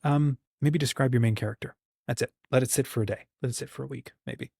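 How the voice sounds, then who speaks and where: Casual channel host, male, husky tone, dry close sound, rambling and encouraging. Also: mid-range voice, steady tone, fast, a little mellow, dry recording. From United States. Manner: rambling, encouraging, acts out quoted dialogue. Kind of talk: casual livestream talk.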